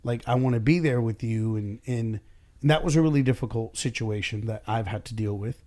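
A man's voice: mid-range voice, brisk, darkish tone. Man, business owner, blunt, curses a lot, acts out dialogue, casual podcast chat.

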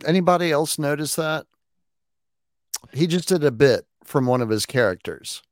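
A man's voice: fairly high pitch, animated, normal speed, dry recording, clean studio sound. A man on a casual podcast panel, insistent and emphatic as he makes his points.

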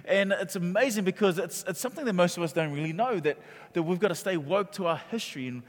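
A man preaching a sermon, calling out to his congregation and growing loud on key points. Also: high voice, lively intonation, fast. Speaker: pastor. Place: church auditorium. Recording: long reverb from a large hall.

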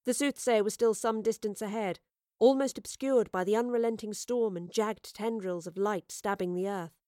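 A woman's voice: medium pitch, no echo, studio quality. Woman reading a storybook aloud. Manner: expressive, measured narration with voiced characters. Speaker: narrator.

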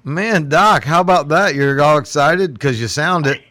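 A man's voice: fairly high pitch, moderate pace, bright, forceful tone, dry recording, clean studio sound. A man hosting a casual chat, joking and teasing the others playfully.

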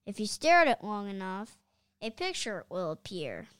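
A woman reading aloud as a playful young schoolboy, excitable. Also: medium pitch, moderate pace, clean tone, no room sound, studio quality.

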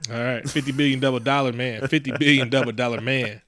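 A man co-hosting a casual chat, animated and swearing, often jumping into high excited bursts. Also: fast talker. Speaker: podcast co-host.

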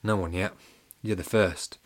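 An earnest young schoolboy, sure of himself and steady, voiced by a man reading aloud. The voice stays close to the reader's own, only a touch lifted. He is a storybook team captain in a children's audiobook. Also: low-pitched, a little slow.

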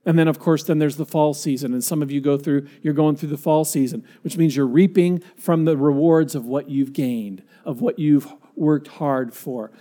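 A man's voice: fairly high pitch, steady tone, normal speed, hardly any pauses, dark tone. A male pastor preaching a sermon in a conversational, storytelling way, asking the congregation questions.

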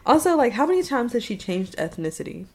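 A woman co-hosting a podcast, chatting casually and laughing often, who reads the closing sign-off quickly. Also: fairly high pitch, very animated, darkish tone, breathy edge. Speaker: podcast co-host. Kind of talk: casual chat.

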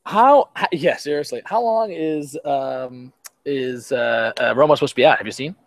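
A man's voice: medium pitch, normal speed, no room sound. A man hosting a casual sports podcast, talking chattily with frequent restarts and easy laughs. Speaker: podcast host.

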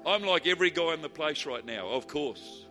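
A man preaching a sermon, telling humorous stories and swinging from quiet asides to shouted declarations. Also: on the high side, lively intonation, normal speed, over music.

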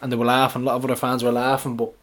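A man's voice: medium pitch, monotone, racing, a bit bright. A man co-hosting a sports podcast in a blunt, sweary, casual way, laughing easily. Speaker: podcast co-host.

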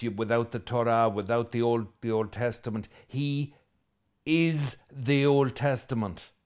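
Irish priest preaching a lively sermon. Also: male voice, medium pitch, clear, resonant tone. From Ireland. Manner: lively and conversational, with asides and jokes; emphatic, repeating key phrases.

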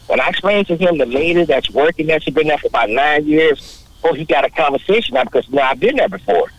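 A man's voice: on the high side, lively intonation, quick pace, no room sound, dull audio. Fired-up man, preachy, dry close sound. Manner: impassioned, preachy. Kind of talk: casual chat.

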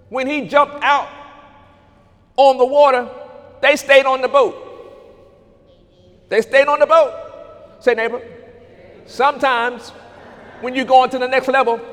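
A man's voice: very high voice, fairly bright tone, big-room sound. A man preaching a sermon in a church, calling out to the congregation and quoting scripture. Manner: preaching with call-and-response to congregation. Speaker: pastor.

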